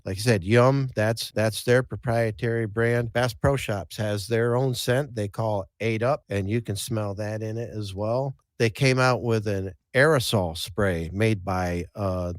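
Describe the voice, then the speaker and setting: A man's voice: fairly low pitch, a little slow, few pauses, no echo, studio quality. A man hosting a podcast, telling casual fishing stories in a folksy way, often restarting and repeating words. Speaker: podcast host and angler. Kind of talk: casual storytelling chat.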